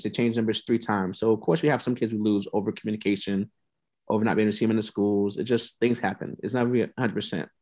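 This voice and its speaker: On a podcast interview, a man who started a youth mentoring program relates his story in a somewhat low, slightly mellow voice. He's earnest and heartfelt, restating things to drive them home, and at times he's emotional enough to be close to crying.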